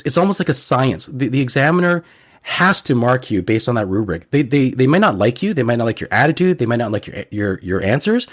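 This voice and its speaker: A man's voice: medium pitch, husky. Earnest man giving teaching advice. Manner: earnest advice-giving with frequent word repeats. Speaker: guest IELTS teacher. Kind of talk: casual podcast interview.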